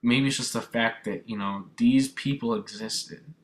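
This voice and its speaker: A young man with a medium-pitched voice talks a little slowly as he reviews a film. It's a casual, emotional review, earnest and moved, rambling with plenty of fillers and restarts.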